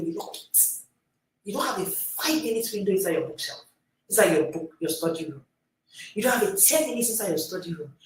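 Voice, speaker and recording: A woman coaching listeners in a motivational teaching talk. She hammers points home through repetition, jumping from loud to near-whispered. Her voice rings around a very echoey room, picked up by a mic placed well away from her. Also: medium pitch, distant mic. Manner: emphatic and repetitive, with sharp swings between loud and hushed. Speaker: reading coach.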